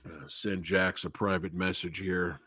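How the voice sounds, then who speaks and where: A man's voice: deep voice, little pitch movement, measured pace, pushed and bright, husky, dry recording, clean studio sound. A man hosting a live Q&A stream, chatting casually and answering viewers by name.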